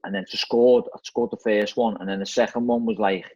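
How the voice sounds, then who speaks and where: A man's voice: lowish voice, steady tone, a little fast, warm tone, no echo. A middle-aged man with a Scouse accent, telling stories as a guest in a casual chat, repeating words and often saying "mate". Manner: chatty, repeats words, says "mate" and "you know what I mean". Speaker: football manager guest. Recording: slightly dull, dry lo-fi audio.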